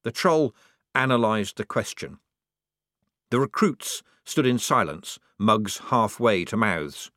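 A man narrating a comic fantasy story at an unhurried pace, his pitch rising and falling freely. His delivery is measured and dry. The recording is close and dead, with no room echo. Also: big pitch swings, pushed and bright. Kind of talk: audiobook narration.

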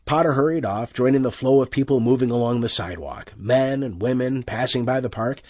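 A man narrating an audiobook with expressive, tense storytelling. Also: medium pitch, a little fast, no echo.

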